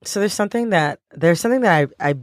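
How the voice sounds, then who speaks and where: A woman's voice: medium pitch, animated, fast, no echo. A woman hosting an interview, asking questions with gushing enthusiasm. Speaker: host, interviewer. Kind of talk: casual interview chat.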